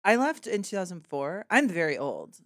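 A woman's voice: on the low side, sing-song, normal speed, no echo, studio quality. A woman in her thirties, a podcast guest telling rambling stories with giggles. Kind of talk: casual storytelling.

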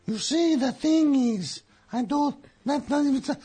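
Squeaky wisecracking squirrel. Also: male voice, a little slow, warm tone. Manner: corny joke-telling, self-pitying grumbling. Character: wisecracking male squirrel comic, hacky, touchy. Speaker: recurring comedy character. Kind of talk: improvised comedy bit. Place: radio studio.

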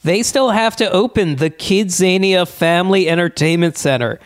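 A man with a notably high voice, chatting casually on a podcast. He chuckles his way through lists and asides. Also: moderate pace. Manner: chuckling, listing things off. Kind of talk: casual chat.

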